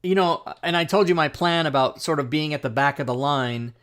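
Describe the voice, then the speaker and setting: A man's voice: a little high, brisk, fairly bright tone. A man hosting a livestream talk show, telling a long story in a casual, rambling way, laughing often and restarting his sentences.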